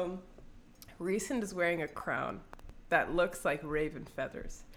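A woman's voice: fairly low pitch, animated, takes it slowly. A woman co-hosting a casual podcast chat, recapping a book with swearing and acted-out voices, a bit tipsy from wine. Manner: giggly, swears freely, acts out scenes with exaggerated voices.

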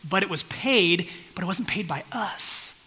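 A man preaching with a bright, forceful, somewhat high voice. He tells a personal story in an easy, chatty way and keeps checking in with the congregation. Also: expressive, a little slow, breathy edge, poor audio. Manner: conversational storytelling, checks in with the audience. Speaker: pastor. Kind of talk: sermon.

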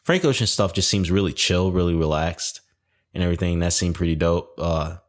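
A man's voice: sits low, a little fast. A young man hosting a podcast alone, rambling in casual chat, packed with "like" fillers and frequent swearing. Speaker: podcast host.

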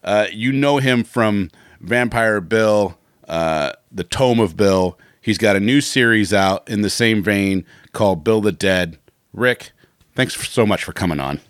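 A man with a somewhat low voice hosts a laid-back podcast, rambling through long lists and chuckling as he goes. His sentences wander and restart. The sound is dry and close to the mic. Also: a little slow, clean tone, dry recording. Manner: rambling, laughs often, restarts. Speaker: podcast host. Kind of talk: casual podcast chat.

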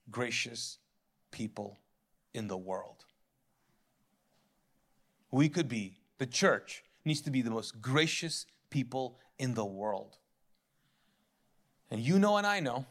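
A pastor giving a sermon in a lively, conversational way, joking, laughing at his own lines and acting out the voices of biblical figures. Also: mid-range voice.

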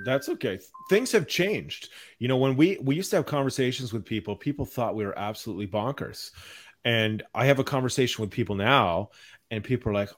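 A man hosting a podcast, delivering a calm, mild-mannered rant in casual chat. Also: medium pitch, a little fast. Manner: even-toned, mild-mannered ranting. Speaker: podcast host.

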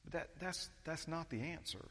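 A man's voice: fairly high pitch, moderate pace, bright, forceful tone. Pastor guy, casual rambling sermon, lots of restarts, big church hall echo. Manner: conversational, full of restarts and quoted voices.

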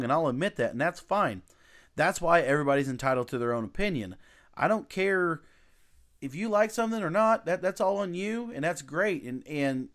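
Man, podcast host, emphatic, blunt, lively pitch swings. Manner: animated, emphatic, quick restarts. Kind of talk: casual opinionated chat.

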